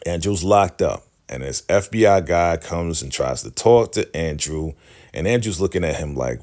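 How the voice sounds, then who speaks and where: A man's voice: sits low, expressive, moderate pace, darkish tone. A man casually recapping a TV episode, acting out the characters' lines and laughing often. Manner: retells scenes by acting out dialogue in shifting voices; laughs often, slangy chat. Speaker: recap host.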